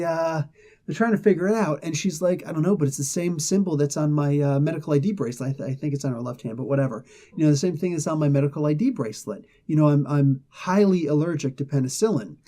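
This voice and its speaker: A man hosting a casual comic book review, talking in a chatty, animated way with frequent laughs and side remarks. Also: a little high.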